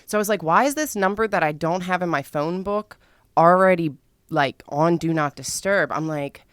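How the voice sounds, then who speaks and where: A young woman hosts a podcast and shares her own tale in a relaxed monologue at a normal speed, peppered with profanity and drama and the odd loud squeal. The close, dry recording of her smooth, lower-pitched voice has no room sound.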